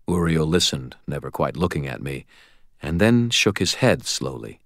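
A man narrating a novel in the first person, telling it in a steady, plain way. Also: extremely low pitch, normal speed, no echo, studio quality. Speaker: audiobook narrator.

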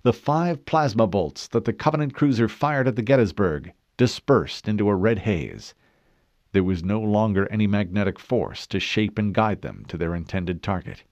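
A man narrating an audiobook in a steady, dramatic storytelling manner. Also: fairly low pitch, moderate pace, dry recording. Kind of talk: scripted narration.

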